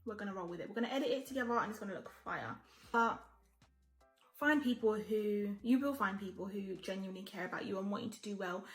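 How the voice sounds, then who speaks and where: A woman's voice: mid-range voice, quick pace. Woman in her 20s just chatting while getting ready, blunt and sweary, roomy echo, faint music behind. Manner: animated, emphatic advice. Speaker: lifestyle vlogger. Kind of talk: casual get-ready-with-me chat.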